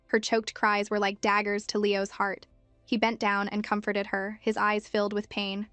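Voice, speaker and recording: A woman giving scripted narration of a comic story recap in an even storytelling manner. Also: medium pitch, moderate pace, dry recording, faint music behind.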